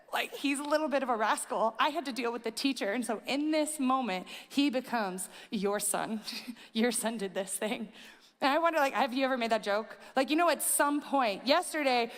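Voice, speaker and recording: A young woman pastor preaching a conversational sermon, telling animated stories with casual fillers. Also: sits high. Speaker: student ministry and teaching pastor. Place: church auditorium. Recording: church hall with long reverb.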